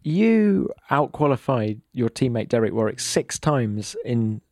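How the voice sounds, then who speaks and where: A man's voice: mid-range voice, very animated, unhurried, a little mellow, dry recording. Male podcast host, direct, informed questions, dry close mic. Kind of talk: interview questions.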